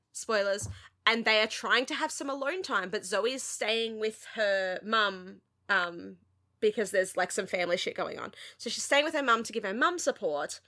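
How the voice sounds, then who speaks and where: A woman, co-hosting a podcast and chatting casually in an animated, sweary rant full of "like". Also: medium pitch. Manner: animated, sweary ranting with lots of "like". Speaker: podcast co-host. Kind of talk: casual chat.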